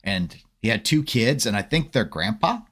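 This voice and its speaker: Man, podcast co-host, animated up-and-down voice, playful storytelling. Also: fairly low pitch, normal speed, slightly rough. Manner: storytelling with playful acted-out quotes. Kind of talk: casual chat.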